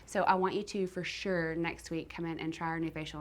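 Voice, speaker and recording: A woman's voice: deep voice, fairly even intonation, a little fast. A middle-aged woman hosting a live chat, candid and self-deprecating about her own life. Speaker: host. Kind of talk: casual chat.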